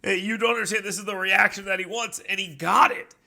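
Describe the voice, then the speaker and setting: A man's voice: sits high, fairly even intonation, fast talker, creaky, pushed and bright. A male talk show host giving sarcastic, mocking opinion commentary.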